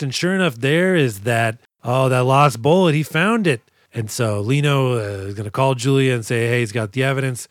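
A man co-hosting a podcast, recapping a movie in casual chat, animated and profane as he acts out scenes. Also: medium pitch, fairly quick, dry recording, studio quality. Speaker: podcast co-host.

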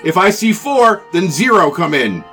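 A man voicing a gruff goblin guard captain, curt and threatening, pitched up from his own voice. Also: very animated, moderate pace, bright, forceful tone, faint music behind, heavily acted.

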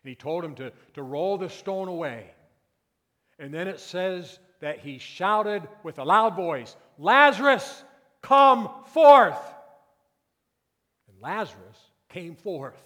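A male pastor delivers an earnest sermon, dropping low and quiet, then building to loud, emphatic declarations. His voice sits a little high for a man. The church hall gives every phrase a long, ringing tail. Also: lively intonation, measured pace. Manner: earnest preaching, swings from hushed to loud emphatic peaks.

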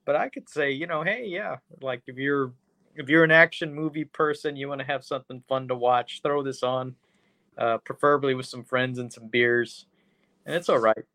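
A man's voice: medium pitch, moderate pace, bright, forceful tone, dry recording. A man co-hosting a podcast, casually recapping a movie plot with lots of fillers and swearing. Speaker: podcast co-host. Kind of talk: casual movie review chat.

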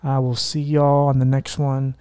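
A man's voice: medium pitch, monotone, moderate pace, mellow, clear, resonant tone. Earnest man hosting a podcast. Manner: earnest, heartfelt, rambling. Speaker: podcast host. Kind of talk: casual podcast chat.

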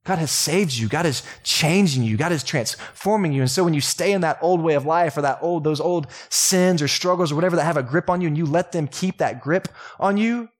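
A young adult man with a Texan accent, preaching a sermon as pastor in a relaxed, joking, conversational way. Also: on the high side, brisk, few pauses. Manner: casual, joking, conversational preaching with laughs and asides. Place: church sanctuary.

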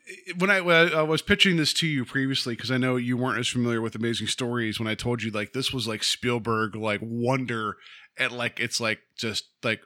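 Bright enthusiastic man on a podcast. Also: mid-range voice. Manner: rambling and enthusiastic, trails off and restarts. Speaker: podcast co-host. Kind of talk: casual film chat.

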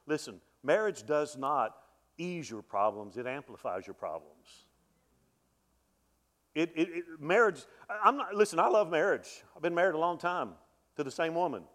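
Middle-aged pastor preaching, kinda high voice that jumps all over, gets loud then drops to a hush. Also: male voice, moderate pace. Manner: animated preaching, voice swelling and dropping to a hush; repeats words when restarting. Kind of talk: sermon.

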